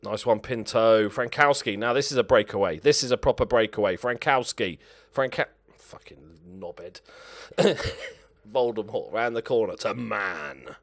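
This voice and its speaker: A man's voice: fairly low pitch, measured pace. A young man playing a football management game, muttering to himself and swearing at his players as he comments. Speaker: gaming channel host.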